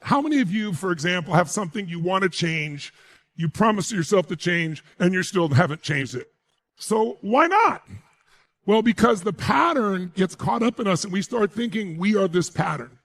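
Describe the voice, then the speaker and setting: A man delivering a motivational speech to a live crowd, his fairly high voice leaping up and down in pitch. He hammers his points home and keeps firing rhetorical questions at the listeners. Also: expressive, normal speed, fairly bright tone. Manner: emphatic, asks the audience rhetorical questions. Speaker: motivational speaker.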